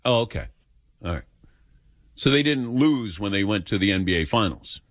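A man's voice: lowish voice, moderate pace, no room sound, clean studio sound. A man hosting a sports call-in radio show, telling a story and acting out the voices in it. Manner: animated, acts out voices in anecdotes. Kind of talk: casual storytelling and taking calls. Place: radio studio.

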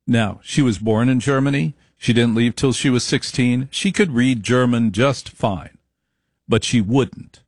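A middle-aged man speaking at an ordinary, middle pitch, recorded close and dry. He talks in an emphatic, repetitive way and drags out key phrases to make his points land. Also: moderate pace, no room sound. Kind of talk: storytelling monologue.

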